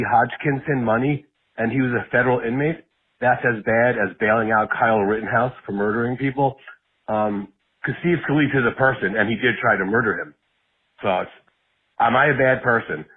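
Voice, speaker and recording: A man on a call-in line rambles hesitantly through his question. His voice is husky and mid-pitched. The sound is a thin phone line. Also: normal speed. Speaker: caller.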